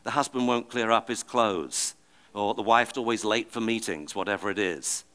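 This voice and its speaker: A middle-aged man giving a talk to an audience, telling lively stories and acting out the voices in them. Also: lowish voice, normal speed. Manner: animated, acts out the voices of the people and dogs in his stories. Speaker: speaker giving a public talk.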